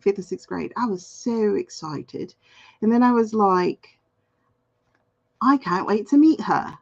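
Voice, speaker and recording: A woman in her forties chats through a live tarot reading, unhurried and playful, her voice lively in pitch with a gravelly edge. The sound is a little dull and lo-fi. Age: 40s. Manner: playful, chatty, laughs often, reads chat aloud. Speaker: tarot card reader, livestream host. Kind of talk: casual live-stream chat reading cards.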